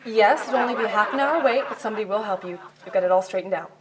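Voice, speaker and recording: An actress playing a curt, sarcastic office clerk who brushes off customers. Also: female voice, mid-range voice, racing, crowd noise, noisy background, close to an everyday voice.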